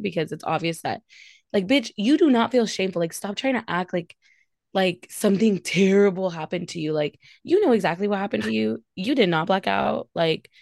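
A woman's voice: mid-range voice, vocal fry, no echo, clean studio sound. A young woman co-hosting a casual reality TV recap, sassy and opinionated, laughing often. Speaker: podcast co-host.

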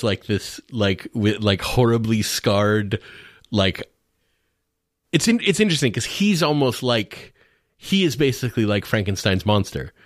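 A man's voice: fairly low pitch, no echo, clean studio sound. A man co-hosting a podcast, talking casually about movies with many restarts and fillers. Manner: laughs while describing scenes. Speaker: podcast co-host. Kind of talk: casual film discussion.

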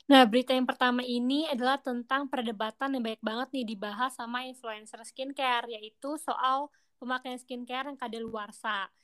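A young woman radio host talks quickly in a chatty, slangy and eager way, moving between reading news items and easy banter. Her voice sits a little higher than most women's. She sounds at home in a radio studio. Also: steady tone, fairly bright tone.

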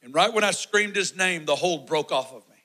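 A man in his forties preaching a sermon testimony, telling his story with animated energy and acting out the shouts and quotes. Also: a little high, brisk, low-quality recording.

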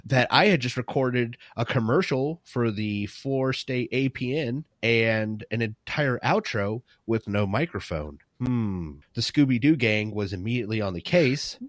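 A man's voice: mid-range voice, a little slow, hardly any pauses, no echo, clean studio sound. A man co-hosting a podcast in casual chat, swearing freely and poking fun at himself. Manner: profane, self-deprecating. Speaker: podcast co-host.

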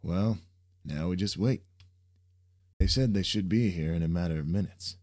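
A man's voice: deep voice, normal speed, darkish tone, lightly acted. A man voicing a laid-back, reluctant young man who banters sardonically. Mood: wry.

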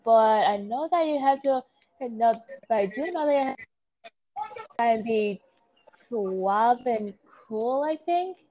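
A woman's voice: fairly high pitch, animated, slow. A friendly teenage girl gives hesitant advice, as a woman voices her in a fan role-play. She trails off and second-guesses herself. The sound is dull and lo-fi. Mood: earnest.

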